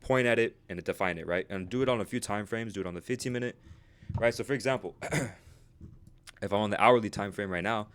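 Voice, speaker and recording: Fast-talking low-voiced man teaching. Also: smooth. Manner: fast, chatty, says "right?" constantly. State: out of breath. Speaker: trading instructor. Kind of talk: casual video lesson.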